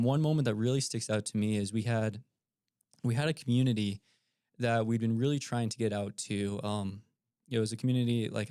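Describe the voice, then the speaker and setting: Podcast guest, man, low gravelly mellow voice, easygoing storyteller, dry close sound. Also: dry recording. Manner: relaxed, animated storyteller with filler ums. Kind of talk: casual storytelling.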